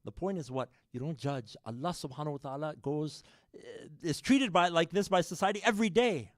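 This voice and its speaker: Male preacher, sermon, animated delivery, slightly high voice. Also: fairly quick, dry recording, studio quality. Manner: animated, shifts loudness widely, addresses the audience directly. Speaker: speaker at a religious program. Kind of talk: sermon with a storytelling. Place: mosque or community hall.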